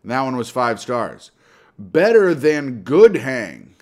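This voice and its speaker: A man's voice: medium pitch, big pitch swings, takes it slowly. Crude joking young man podcaster. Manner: crude, joking, swings loud when riled. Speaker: podcast co-host. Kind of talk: casual comedy podcast banter.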